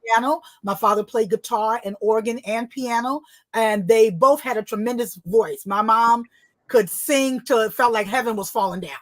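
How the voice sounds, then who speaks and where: Guest, middle-aged woman from New Jersey, raised fairly high, animated storyteller who does voices, dry close recording. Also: normal speed, no echo. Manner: lively, acts out voices in her stories; sing-song phrasing. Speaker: guest, author and illustrator. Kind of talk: personal storytelling in conversation.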